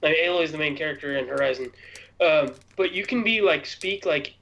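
A man's voice: on the high side, moderate pace, vocal fry, fairly bright tone, lo-fi sound. A man co-hosting a casual gaming chat, laid-back, with lots of "like" and easy laughter. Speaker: podcast co-host.

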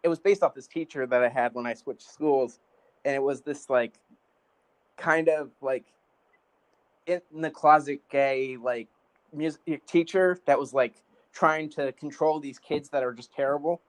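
Male host, casual rambling chat, mid pitch, "like" every few words. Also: unhurried. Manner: rambling, heavy use of "like".

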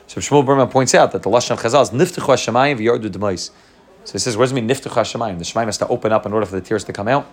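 A man leads a Torah class at a quick clip, his voice sitting at an ordinary middle pitch. He explains in long running chains of thought, restarting phrases and weaving Hebrew terms into his English. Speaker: Torah teacher.

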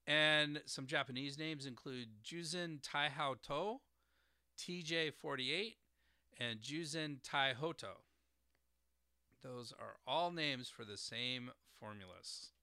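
A man's voice: on the high side, expressive, unhurried, pushed and bright, clean tone, dry recording, studio quality. A man hosting an educational podcast as a doctor of herbal medicine, explaining terms carefully and spelling them out letter by letter.

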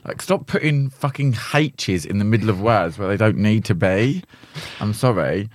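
Low-voiced man gossiping, swearing freely. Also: expressive, normal speed, no echo. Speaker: podcast host. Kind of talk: casual chat.

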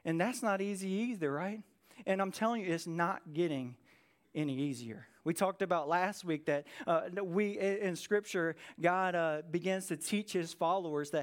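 Guy preaching a sermon, pretty high voice, chatty, keeps tossing in "right?". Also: moderate pace. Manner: conversational preaching with frequent "right?" tags; acts out short quoted lines in lively voices. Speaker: pastor.

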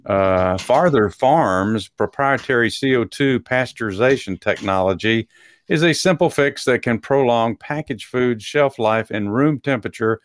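A man co-hosts a relaxed talk show from a dry, close-sounding spot, his voice on the low side. He reads news stories aloud, stumbling now and then and breaking off to joke. A Texan accent sometimes shows through. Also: no echo. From Texas. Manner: reads articles aloud with asides and chuckles. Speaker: co-host. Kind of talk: casual talk show chat, reading news items.

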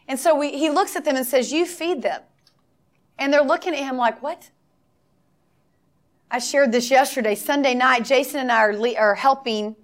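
Woman preaching a lively, emphatic sermon. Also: sits high. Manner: storytelling with acted-out dialogue, emphatic repetition.

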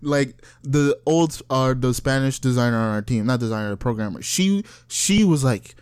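A young man, a software developer, telling a work story in casual chat. He is animated and profane, laughs often and acts out the people he quotes. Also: mid-range voice, normal speed, clear, resonant tone, dry recording. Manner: animated, laughs often, breaks into cackles mid-sentence.

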